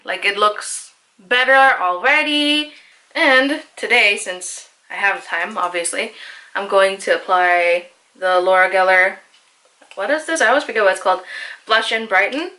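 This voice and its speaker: A woman's voice: mid-range voice, unhurried, sharp tone. A young woman talking through her makeup routine in a casual, chatty way, with lots of "like" and self-mocking asides. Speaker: beauty vlogger. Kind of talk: casual makeup tutorial voice-over.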